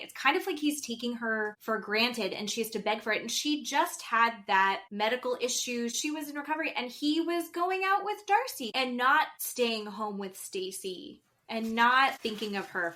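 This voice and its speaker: Bright, animated woman podcast co-host. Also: on the high side, moderate pace. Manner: animated, acts out quotes. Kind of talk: casual chat about a reality show.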